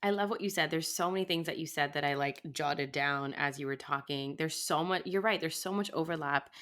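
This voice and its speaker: A woman's voice: deep voice, a little fast, a bit bright. A woman in her twenties in a casual podcast chat, talking in a reflective, rambling way. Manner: reflective, rambling with fillers and restarts. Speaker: podcast co-host.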